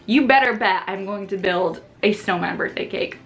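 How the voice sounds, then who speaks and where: A woman's voice: mid-range voice, brisk, fairly bright tone. A woman in her twenties, a vlogging new mom, chatting casually to camera and saying "like" a lot. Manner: chatty, fills talk with "like".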